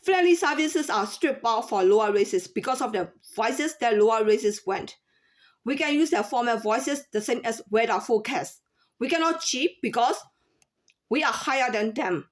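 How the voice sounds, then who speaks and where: A woman in her thirties or forties speaking in a casual unscripted monologue, halting with many fillers and restarts. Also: fairly high pitch, expressive. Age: 30s to 40s. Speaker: former store employee.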